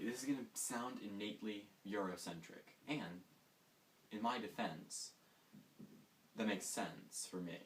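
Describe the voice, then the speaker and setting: A man hosting a comedic monologue, rambling and mocking himself with sarcastic asides. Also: fairly low pitch. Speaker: host. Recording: distant mic with faint hiss.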